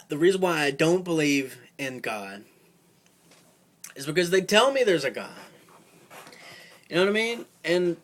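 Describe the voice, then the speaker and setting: High-voiced man ranting casually. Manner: profane, heated, rambling with many fillers. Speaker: vlogger.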